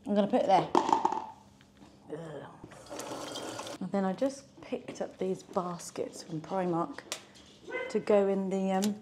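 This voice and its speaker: A woman's voice: medium pitch, fairly even intonation, a little slow, long pauses, background noise. A woman, chatting in a bubbly, self-mocking way as she vlogs her day. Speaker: vlogger. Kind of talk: casual vlog chat. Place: shops and office, in and out.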